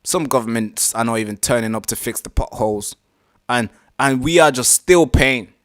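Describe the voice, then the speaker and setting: A man hosting a live reaction stream, talking casually, animated and exasperated, swearing freely. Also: medium pitch, normal speed.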